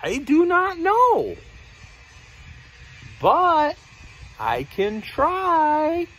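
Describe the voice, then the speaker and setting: A man voicing a silly, cheerful snake with no arms, in slow, exaggerated storybook tones. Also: very high voice, huge pitch swings, fairly bright tone, pitched above the performer's own voice, full character voice. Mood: eager. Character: silly, cheerful armless snake who wants to play.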